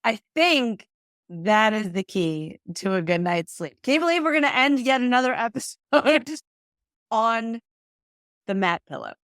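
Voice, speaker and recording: A woman's voice: on the high side, very animated, a little slow, fairly bright tone, dry recording, studio quality. A woman co-hosting a podcast in casual chat, teasing and bantering with a laugh. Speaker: podcast co-host.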